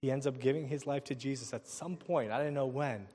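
A male pastor preaching a sermon, telling a personal story in an animated way and acting out the people in it. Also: medium pitch, brisk, husky, big-room sound. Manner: animated storytelling with laughs and quoted voices.

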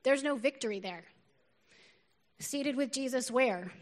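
Middle-aged woman pastor, feisty and lively sermon delivery with quick laughs; high voice, big reverberant church hall. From northern United States. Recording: long reverb of a large hall.

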